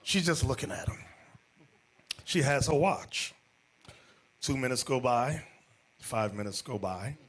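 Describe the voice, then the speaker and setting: A man teaching as bishop, telling stories to a class and swinging into loud, shouted points. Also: mid-range voice, expressive, a little slow, pauses often, slightly rough. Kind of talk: animated class sermon.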